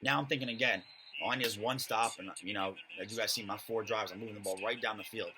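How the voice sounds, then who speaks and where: Fast-talking young man narrating his game. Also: fairly low pitch, steady tone, pushed and bright, slight background noise, poor audio. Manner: casual, rambling, filler-heavy. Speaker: gamer commentating his own match. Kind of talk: voice-over game commentary.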